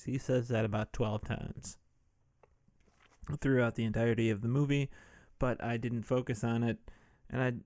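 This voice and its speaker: A man's voice: mid-range voice, flat delivery, normal speed, pauses often, darkish tone, no echo, clean studio sound. A man hosting a podcast, recapping a movie casually with irreverent jokes and swearing. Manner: irreverent, jokey, swears freely. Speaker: podcast host.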